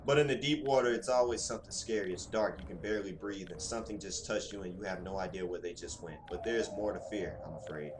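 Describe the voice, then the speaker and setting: A man reading game text aloud, then breaking off into rambling, slangy commentary that grows louder when he gets excited. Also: sits low, quick pace, hardly any pauses, noisy background. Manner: rambling and talkative, slangy asides. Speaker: gaming channel host.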